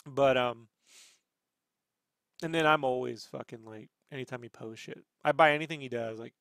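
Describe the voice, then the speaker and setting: A man's voice: medium pitch, normal speed, gravelly, a bit bright, smooth, dry recording, studio quality. A man hosting a casual chat, telling rambling stories full of swearing. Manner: rambling, profane storytelling. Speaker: podcast host.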